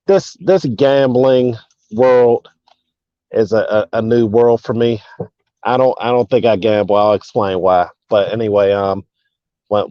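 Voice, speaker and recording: A man's voice: lowish voice, no room sound, muffled recording. A man talking sports as a co-host over a remote call, laid-back and thinking aloud. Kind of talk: casual sports talk.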